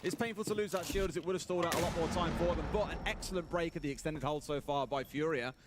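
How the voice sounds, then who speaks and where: Male esports caster, quick delivery, slightly raised pitch, noisy broadcast background. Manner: brisk, analytical, explaining tactics. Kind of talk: live play-by-play and analysis.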